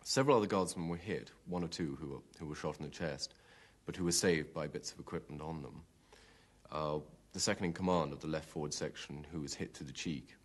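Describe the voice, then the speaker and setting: Low voiced ex-officer, plain and steady, telling how the fight went. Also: male voice, a little fast. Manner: matter-of-fact, steady. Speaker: army platoon commander recalling a battle. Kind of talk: documentary interview recollection.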